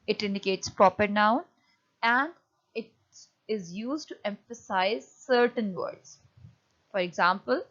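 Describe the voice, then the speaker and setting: A woman teacher giving a lecture on punctuation, often pausing and restarting as she explains. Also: on the high side, dull audio. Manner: hesitant, many fillers and restarts while explaining.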